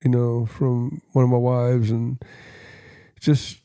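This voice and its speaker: An older man with a gravelly, dark voice tells his life story in an earnest, plain-spoken way, now and then putting on the voices of people he quotes. The sound is dry and close, with no room echo. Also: mid-range voice, little pitch movement, slow pace. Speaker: guest.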